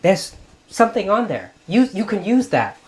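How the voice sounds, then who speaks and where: Man putting on a scolding older aunt, thrifty, sharp, higher and louder than his own voice. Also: very animated, moderate pace. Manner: sudden loud scolding call.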